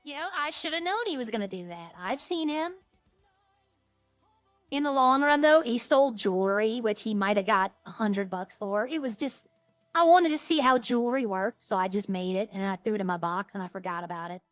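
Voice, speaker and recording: A woman's voice: fairly high pitch, animated, normal speed, no echo, faint music behind. A woman streamer chatting casually while she plays, rambling and thinking aloud. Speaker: roleplay game streamer. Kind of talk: casual gameplay chat.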